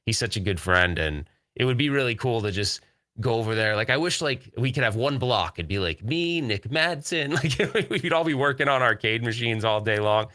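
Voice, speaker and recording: Chatty, bright-voiced man. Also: medium pitch, expressive, normal speed, no room sound, studio quality. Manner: rambling, upbeat, reads viewer chat aloud. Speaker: podcast host. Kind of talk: casual live-stream chat.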